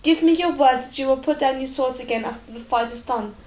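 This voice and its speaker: A woman's voice: sits high, fairly quick, a little mellow, close to an everyday voice. A woman reading an audiobook, voicing a proud noblewoman who speaks curtly and demandingly. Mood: stern. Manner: curt and demanding. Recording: roomy echo.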